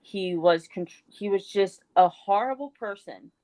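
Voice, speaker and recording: A woman's voice: medium pitch, measured pace, mellow, rough recording. A woman co-hosting a casual chat show, telling a long personal story with many fillers. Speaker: co-host.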